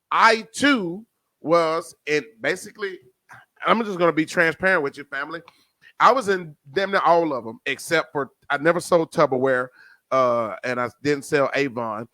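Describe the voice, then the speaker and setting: A man with a New Jersey accent hosting a casual podcast, addressing listeners as family and swinging between loud and soft. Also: fairly high pitch, normal speed, dry recording. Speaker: podcast host.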